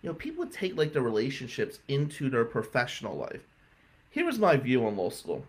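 Brash New man, lively pitch. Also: brisk, husky. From New Jersey. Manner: brash and blunt, swears, voice climbs sharply when riled up. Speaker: podcast guest telling law school stories. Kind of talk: casual storytelling.

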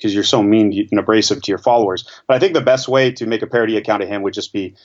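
A man co-hosting a podcast as a stats analyst, measured and hesitant, restarting words often. His voice sits low. The line sounds dull and lo-fi. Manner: measured, hesitant, many fillers and repeats. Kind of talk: casual podcast discussion.

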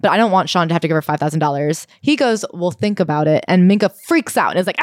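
A woman's voice: fairly low pitch, fast talker, hardly any pauses, no echo, studio quality. A young adult woman, a podcast co-host, casually retelling a memoir and acting out the quoted voices. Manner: animated storyteller, acts out quoted voices.

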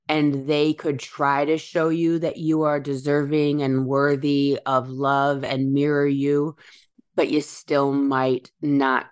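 A woman with a strikingly deep voice talks through spiritual ideas in a relaxed podcast chat. She muses aloud and slows down to stress the words that matter. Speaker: podcast host.

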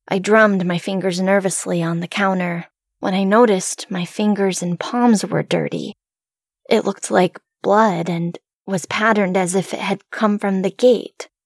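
A woman narrates a first-person horror story in a hushed, suspenseful telling. Her voice sits at an ordinary middle pitch, and the recording is close and dry with no room sound. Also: no room sound.

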